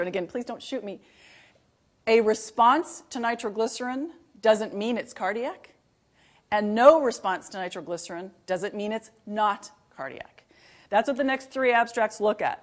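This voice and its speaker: A middle-aged woman lectures on emergency medicine in a mid-pitched voice, talking straight to the audience. She keeps it conversational and lively, tosses out rhetorical questions, and repeats her key points for emphasis. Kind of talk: recorded continuing-education lecture.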